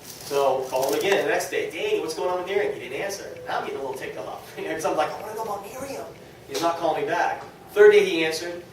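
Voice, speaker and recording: A man tells his business story to a small gathering, rushing through it with enthusiasm and acting out what others said. His voice sits slightly high. The recording picks him up from across a very echoey room. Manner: fast, enthusiastic, quoting others in lively asides. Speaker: speaker at a business meeting. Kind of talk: motivational testimonial talk. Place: meeting room with a small audience. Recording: very echoey room, distant mic, faint noise.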